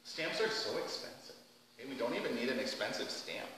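A man leading a children's message in a church, gentle and playful, asking the kids lots of questions. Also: mid-range voice, lively intonation, a little fast, a little hiss or hum. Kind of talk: children's sermon. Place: church sanctuary. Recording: echoey church hall from far off.

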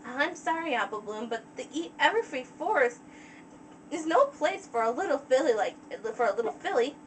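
A kind, sensible young female unicorn, gentle and cautious in tone, as a woman reads her for a game. The voice is high, a bit far from the mic, with faint music behind. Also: lively intonation, moderate pace, slight background noise.

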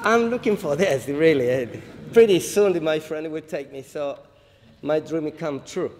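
A man from Paraguay, a harpist, introducing songs on stage in halting, humble English after a Spanish greeting, with pauses and restarts. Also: a little high, darkish tone, a little hiss or hum. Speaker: harpist performer. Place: large hall, live audience. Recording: roomy hall reverb, faint ambience.

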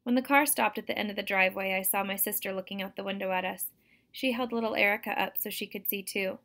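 A woman, a teacher, reading a novel aloud to students in a steady, expressive storytelling manner. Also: mid-range voice, quick pace.

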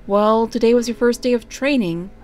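A woman's voice: on the high side, moderate pace, a little mellow, lightly acted. A woman voicing an earnest, easily frustrated young male creature in a storybook reading, emphatic and exasperated. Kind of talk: fan fiction reading.

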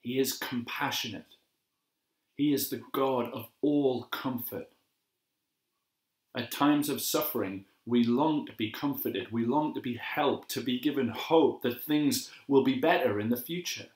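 A man giving a gentle, measured devotional sermon as a pastor, slowing down to repeat key phrases. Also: medium pitch. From England. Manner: gentle, measured and reflective, with slow emphatic repetitions. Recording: echoey room.

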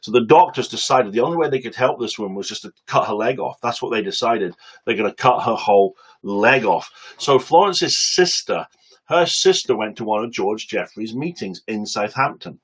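A man preaching on a webcam stream, telling a story with lively acted-out quotes and quick asides. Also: on the low side, breathy edge, low-quality recording.

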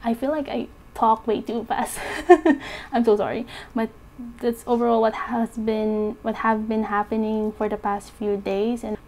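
Candid vlogger, young woman, slightly high voice, halting and soft, lots of fillers. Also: flat delivery. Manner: soft, halting, open about her feelings, with frequent fillers. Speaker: budgeting vlogger. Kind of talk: candid personal vlog talk.

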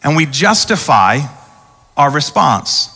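A man's voice: on the high side, big pitch swings, takes it slowly, vocal fry, bright, forceful tone, slightly rough. A man preaching a sermon as pastor, talking conversationally and acting out the voices he quotes. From United States. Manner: conversational preaching, acts out quoted voices, repeats words when restarting. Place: large church auditorium. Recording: church hall reverb.

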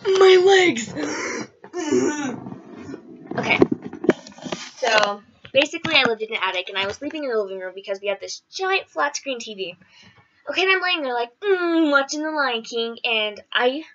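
Woman vlogger, lively swooping pitch, chatty rambling storyteller who acts out quotes. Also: muffled recording. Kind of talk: casual storytelling.

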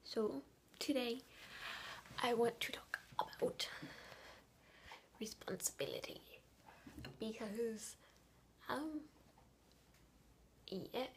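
Young woman vlogger, exhausted, hushed half-whisper, rambling frustrated venting. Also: fairly high pitch, drawn-out words, pauses often, slight background noise. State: tired. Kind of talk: casual vlog monologue.

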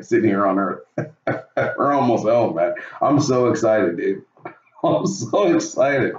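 A man preaching a casual devotional, excitable and laughing often, calling his listeners dude. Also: medium pitch. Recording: echoey, distant, dull room sound.

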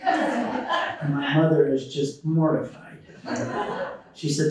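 A middle-aged man with a fairly high voice speaks slowly with long pauses, giving a conference talk full of animated stories and acted-out quotes while taking audience questions. Crowd noise is present, and the large hall is heard echoey and from far away.

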